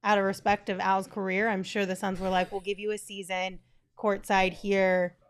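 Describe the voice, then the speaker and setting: A woman co-hosting a casual sports podcast, upbeat and quick to laugh, reading sponsor spots smoothly. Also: mid-range voice, level tone. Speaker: podcast co-host.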